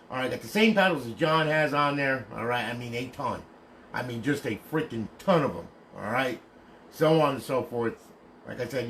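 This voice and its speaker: A man's voice: fairly high pitch, gravelly, sharp tone, slight background noise. A man selling and demonstrating modded consoles on a casual livestream, talking bluntly, ranting, and asking "okay?" after nearly every point. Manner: swears casually.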